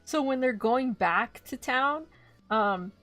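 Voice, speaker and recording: Woman, VTuber streamer, casual recap chat, animated, swears, slightly high pitch. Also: soft background music. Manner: animated, swears freely, acts out quotes in quick voices.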